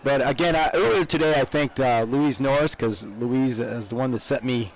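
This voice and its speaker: A man's voice: mid-range voice, moderate pace, slight background noise, poor audio. An older man from upstate New York, co-hosting live parade coverage outdoors, chatty and rambling, with frequent laughs. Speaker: parade co-host.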